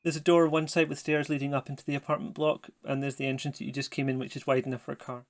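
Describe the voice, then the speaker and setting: A man's voice: mid-range voice, flat delivery, very fast. A man narrating a tabletop game as game master, chatty and prone to asides. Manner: chatty, self-correcting, apologetic asides.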